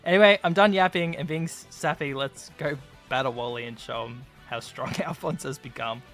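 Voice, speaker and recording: A young man narrates his gameplay video in a loose, chatty way, dropping in plenty of casual fillers. His voice sits a little high and sounds bright and forceful. Soft music plays quietly underneath. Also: normal speed. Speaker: YouTuber.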